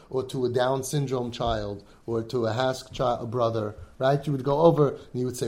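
Talking fairly quickly with few pauses, a man with a dark, medium-pitched voice delivers an impassioned, emphatic speech to the siblings in his support group. He acts out children's pleas and uses Yiddish and Hebrew words.

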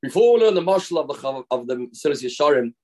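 A man's voice: on the high side, animated, fast talker, mellow. A man giving a daily Torah lesson as a rabbi, explaining through stories and acted-out quotes. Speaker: rabbi teaching a daily class.

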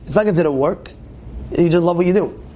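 A man teaching a lively Torah class as a rabbi, animated, often acting out other people's voices and restarting his phrases. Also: on the high side, slight background noise. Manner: animated, acts out quoted voices, many quick restarts.

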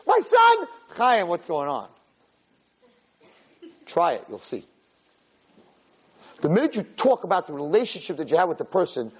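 Animated, husky-voiced man giving a Torah lecture. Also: poor audio. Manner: animated, acts out shouting parents in high pitch. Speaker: Torah teacher.

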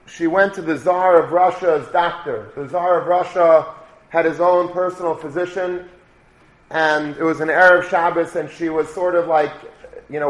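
A man's voice: on the high side, fairly bright tone. A man giving a storytelling sermon, repeating his phrases and building to emphatic declarations. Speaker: religious speaker. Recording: echoey room.

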